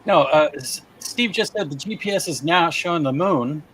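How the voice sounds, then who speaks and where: A man's voice: fairly high pitch, expressive, normal speed, a bit bright, a little hiss or hum, rough recording. A man chatting on a live stream, teasing and setting up a joke. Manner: teasing, sets up jokes. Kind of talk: casual live stream chat.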